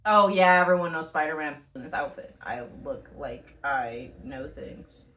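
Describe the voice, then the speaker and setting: A woman's voice: deep voice, moderate pace, echoey room, a little hiss or hum. A woman co-hosting a casual comedy podcast, ranting with lots of swearing and breaking into laughter. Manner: animated, profane rants that break into laughter. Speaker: podcast co-host.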